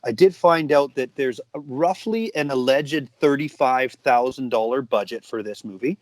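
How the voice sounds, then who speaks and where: Male podcast co-host, middle pitch, chatty and quick to laugh, dry sound. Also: no echo. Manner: laughs often, reads out quotes. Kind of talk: casual movie review chat.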